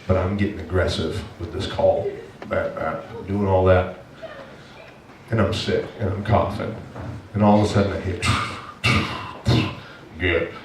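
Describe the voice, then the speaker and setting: A man's voice: sits low, steady tone, normal speed, darkish tone, recorded from a distance, slight background noise. A male pastor preaching a sermon, telling a personal story in an earnest, emotional way. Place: church sanctuary. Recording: echoey church heard from afar.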